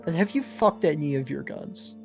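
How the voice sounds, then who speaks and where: A podcast co-host with a mid-range voice riffs in deadpan irony and teases the guest. Light music plays faintly underneath. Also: medium pitch, normal speed, gravelly. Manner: ironic, teasing, deadpan trolling. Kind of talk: casual podcast banter.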